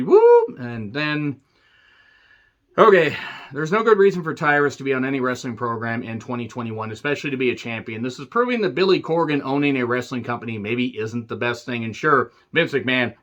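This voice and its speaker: A man's voice: medium pitch, a bit bright, muffled recording. A man giving a casual solo review of a wrestling show, sarcastic and rambling, swearing freely.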